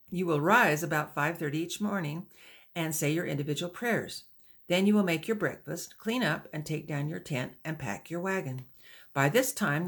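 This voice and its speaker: A woman reading a patient frontier teamster man. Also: on the low side. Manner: patient, instructive. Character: male wagon teamster guiding pioneer women, patient and steady. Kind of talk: audiobook dialogue.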